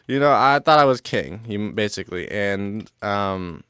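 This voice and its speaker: A young man with a lowish, smooth, clean-sounding voice tells a casual storytime. His speech rambles, heavy on "like" fillers and loose swearing. The sound is close and dry with no room echo. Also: fairly even intonation, normal speed, few pauses, pushed and bright.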